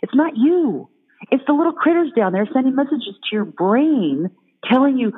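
A woman in casual conversation, telling an animated story and putting on playful little voices for imagined critters. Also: high voice, moderate pace, husky. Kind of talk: casual chat. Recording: phone-like sound in a long-reverb hall.

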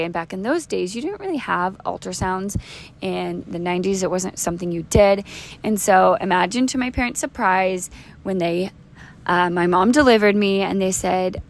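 Speaking at normal speed in a fairly low, creaky voice, this podcast host, a woman in her thirties, recounts her personal faith testimony. She's earnest and conversational, with frequent restarts and fillers.

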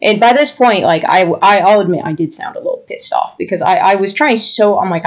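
A young woman co-hosting a podcast, casually telling a story in an exasperated, animated way and mimicking the people she quotes. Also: medium pitch, brisk, hardly any pauses. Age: young adult. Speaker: podcast co-host.

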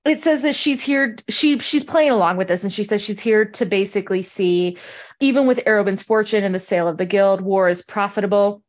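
A woman co-hosting a book read-along podcast, recapping chapters in a gushing, excitable way with frequent laughter. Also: mid-range voice, a little fast. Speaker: podcast co-host.

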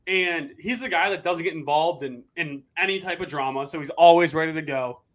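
A man's voice: on the high side, a little fast, fairly bright tone. A man co-hosting a casual sports podcast, giving earnest, emphatic opinions. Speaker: podcast co-host.

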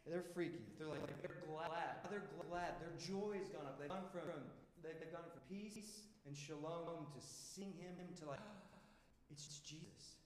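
A man's voice: on the high side, unhurried, few pauses, slight background noise. A pastor preaching a sermon in a casual, emphatic way, asking the congregation questions and often repeating words as he restarts. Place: church hall. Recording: echoey hall with long reverb.

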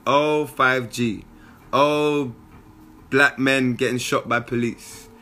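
Bright-voiced young man riffing. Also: medium pitch, slow pace. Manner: slangy and animated, with frequent asides. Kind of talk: casual motivational monologue.

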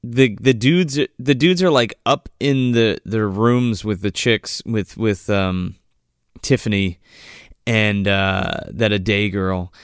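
A man's voice: fairly low pitch, steady tone, slow, smooth, dry recording, clean studio sound. A man casually recapping a movie with friends, rambling and swearing, jumping into quoted voices. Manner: rambling, profane, acts out characters in quotes.

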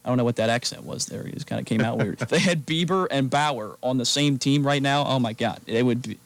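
A man co-hosting a sports talk radio show, giving emphatic, energetic opinions. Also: medium pitch, fairly quick, gravelly, no echo.

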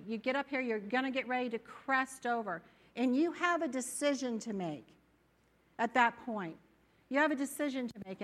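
Woman giving a sermon at church, bright higher voice, chatty and animated. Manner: animated, acts out inner voices. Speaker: preacher.

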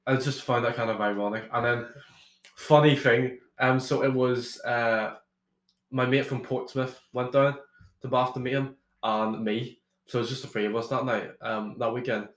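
A man's voice: medium pitch, steady tone, moderate pace, a bit bright. Rambling young man in an echoey room. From Ireland. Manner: rambling, with many restarts and swearing. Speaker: podcast guest. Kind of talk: casual storytelling chat.

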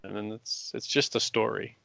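A man's voice: fairly low pitch, little pitch movement, normal speed, gravelly, a bit bright, dry recording. Guy just laying it out plain in a casual chat, dry mic.

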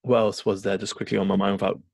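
Gravelly enthusiastic man chatting. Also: lowish voice, level tone, fast, darkish tone, no echo. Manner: enthusiastic, rambling, swears casually. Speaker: podcast co-host. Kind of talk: casual chat.

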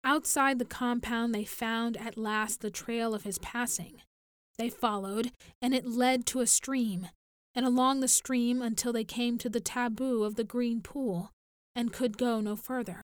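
Woman narrator, slow measured audiobook reading, fairly high voice, dry close sound. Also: fairly even intonation, smooth, dry recording.

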